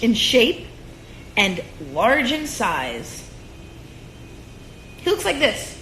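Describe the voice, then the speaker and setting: Here the twenty-something host's mid-range voice is animated, creaky and a bit bright, moving at a measured pace with frequent pauses. She rants casually and profanely on a phone livestream from her room at home, singing sarcastic asides, with the phone at arm's length in an echoey room and slight background noise.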